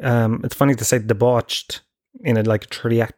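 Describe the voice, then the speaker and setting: A podcast host delivers a comedic, casual monologue, rambling and poking fun at himself with lots of swearing. His voice is mid-range with a darkish tone, fairly even intonation and normal speed, recorded close and dry with no room sound.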